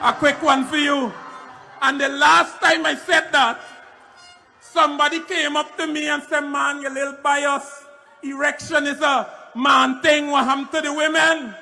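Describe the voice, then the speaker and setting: A man shouting jokes to a crowd in a played clip. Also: very high-pitched, steady tone, a little slow, creaky, long reverb tail. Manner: shouting, joking. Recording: music behind the voice.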